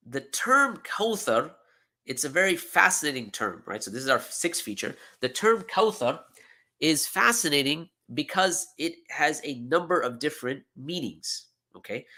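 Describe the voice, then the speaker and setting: A man's voice: mid-range voice, pushed and bright. A man teaching a seminar, explaining with emphatic repetition and frequent "okay?" and "right?" checks. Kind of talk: lecture.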